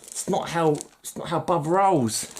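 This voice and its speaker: A man's voice: fairly high pitch, lively intonation, a little slow, slight background noise. A man casually chatting about comic books on his channel, rambling and jokey with frequent giggles. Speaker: comic book collector vlogger. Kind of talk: casual chat.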